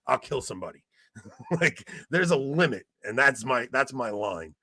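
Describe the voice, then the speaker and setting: A man in casual podcast chat, telling stories in an animated way and getting loud when he retells a fight. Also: mid-range voice, moderate pace, husky, dry recording. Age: 20s. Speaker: podcast co-host.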